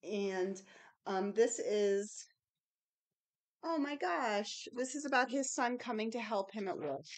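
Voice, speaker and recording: A woman's voice: medium pitch, measured pace. A woman librarian chatting casually and enthusiastically as she unboxes new children's books, with many ums and little gasps.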